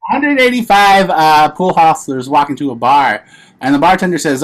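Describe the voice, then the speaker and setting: A man telling improvised punchline jokes over a video call, jumping higher for quoted characters. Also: lively intonation, normal speed. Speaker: improv performer.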